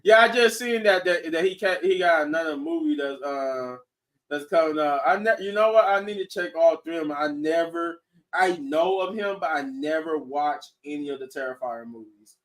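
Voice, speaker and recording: A man hosting a podcast in casual chat, excitable and laughing often, restarting his sentences as he talks. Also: a little high, moderate pace, recorded from a distance. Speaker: podcast host. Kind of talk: casual chat reviewing shows and movies.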